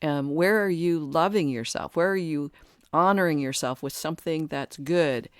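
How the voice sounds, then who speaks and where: A woman's voice: deep voice, normal speed, clean tone, no echo, clean studio sound. A woman hosting a solo podcast, thinking aloud earnestly with many restarts and fillers. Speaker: podcast host and coach. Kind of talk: reflective solo podcast talk.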